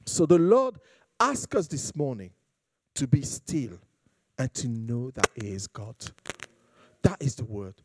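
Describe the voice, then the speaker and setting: A man's voice: mid-range voice, lively intonation, slow pace, pauses often, husky, dry recording. A man preaching a sermon in a conversational way, building to emphatic, rising passages.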